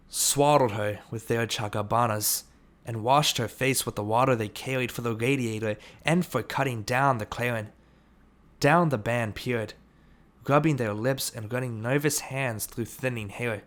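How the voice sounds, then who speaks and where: A man reads an audiobook at an even, middling pitch. His narration is steady, and he raises his voice when a line is shouted. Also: normal speed. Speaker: audiobook reader.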